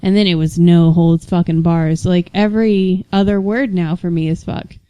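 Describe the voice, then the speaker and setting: A woman's voice: lowish voice, fairly even intonation, moderate pace, mellow, clean tone, no room sound, highs cut off. A young woman co-hosting a podcast in casual chat, rambling, swearing freely and laughing often. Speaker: podcast co-host.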